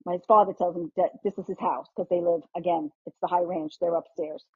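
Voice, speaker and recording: A middle-aged woman, a guest host, telling a family story in casual chat, animated, with frequent restarts and casual swearing. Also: on the low side, a little fast, husky, no room sound. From New York. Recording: muffled lo-fi podcast audio.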